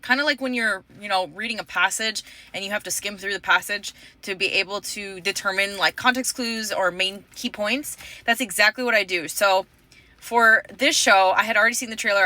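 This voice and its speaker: A woman's voice: mid-range voice, pushed and bright, no echo. A woman in her thirties from the Houston area, chatting casually to camera in a rambling, self-correcting way. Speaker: vlogger.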